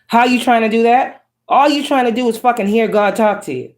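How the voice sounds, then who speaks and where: A woman giving a tarot reading as a spiritual monologue, cursing freely and swinging between calm, preachy warmth and harsh put-downs. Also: a little high, brisk, roomy sound. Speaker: tarot reader.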